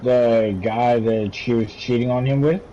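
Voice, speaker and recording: A man's voice: medium pitch, fairly even intonation, a little slow, dark tone, highs cut off. Man, dry wisecracking sidekick, audible background noise. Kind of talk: casual chat.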